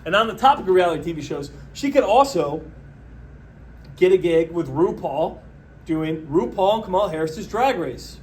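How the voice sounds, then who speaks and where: Man, fairly high voice, sarcastic and mocking, solo rant, faint background noise. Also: normal speed. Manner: sarcastic, mocking, deadpan pitching. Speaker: podcast host. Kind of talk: solo comedic political rant.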